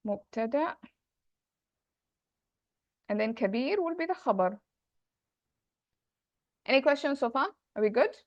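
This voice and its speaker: Higher-voiced woman teaching grammar, dry sound. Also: expressive, normal speed, pauses often, no echo, muffled recording. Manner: thinks aloud, corrects herself, checks in with students. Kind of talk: online class explaining grammar.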